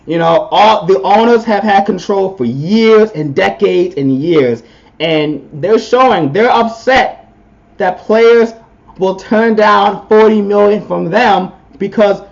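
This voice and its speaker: A man's voice: high voice, creaky, muffled recording. A man co-hosting a podcast, giving a blunt, opinionated sports rant in casual talk. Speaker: podcast co-host.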